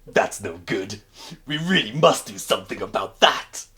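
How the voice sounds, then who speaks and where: Guy doing a calm polite genie voice, low and kinda far off from the mic. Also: normal speed. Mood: sympathetic. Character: smooth, calm genie speaking to a prisoner.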